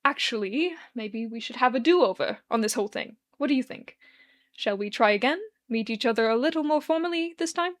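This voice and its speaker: A woman voicing a kindly, composed man who speaks gently and reassuringly. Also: on the high side, expressive, a little fast, natural voice. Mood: friendly.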